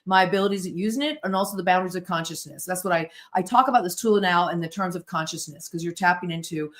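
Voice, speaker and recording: A middle-aged woman from the United States, a podcast guest telling stories in an animated, self-interrupting way. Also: fairly low pitch, quick pace. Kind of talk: casual storytelling interview.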